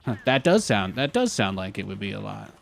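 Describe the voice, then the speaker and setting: A man's voice: on the low side, sing-song, brisk, vocal fry, soft background music. A young man streaming a strategy game and chatting about it as he plays, rambling and repeating phrases. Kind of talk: live gameplay commentary.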